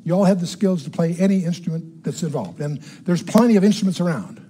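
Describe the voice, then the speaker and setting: A man's voice: high-pitched, quick pace, mellow. Older man teaching Bible with emphasis. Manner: emphatic, repeats key words, asks the audience questions. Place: room with a live audience.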